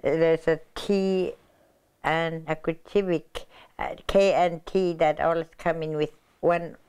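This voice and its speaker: A language speaker teaching words in casual chat, halting often with "uh" and short pauses. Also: mid-range voice, fairly even intonation, a little mellow, smooth.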